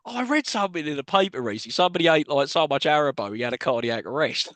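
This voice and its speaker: A fairly high, lively male voice that swoops around as he recaps a TV episode on a podcast. He is wry and laughs often. The sound is dry and close, with no room echo. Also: racing. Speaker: podcast co-host.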